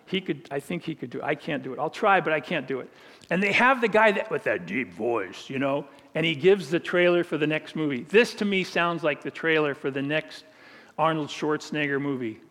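A man's voice: a little high, lively intonation, brisk, a bit bright, in a large hall. A man preaching a sermon in a conversational way, with humorous asides.

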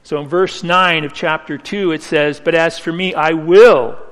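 A man preaching a sermon, telling a personal story earnestly with slow, emphatic phrasing. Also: fairly high pitch, fairly even intonation, a bit bright. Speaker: pastor. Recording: reverberant hall.

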